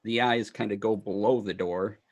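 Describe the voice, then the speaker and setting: Low-voiced man running a tabletop game. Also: fairly even intonation. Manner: loose, halting narration with many fillers. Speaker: dungeon master.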